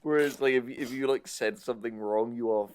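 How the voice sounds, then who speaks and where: A man's voice: mid-range voice, fairly quick, clean tone. A man co-hosting a podcast in casual chat, full of teasing, crude banter. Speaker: podcast co-host.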